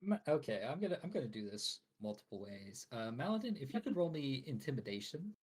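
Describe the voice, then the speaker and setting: A man running a tabletop game as game master, narrating in a laid-back, halting way. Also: mid-range voice, big pitch swings, a little mellow, slightly rough.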